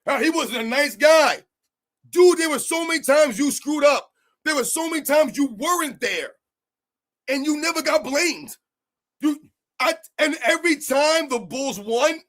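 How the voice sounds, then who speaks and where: Very high-voiced and fairly bright in tone, this male sports commentator launches into a fired-up rant, arguing forcefully and saying his points over and over to hammer them in.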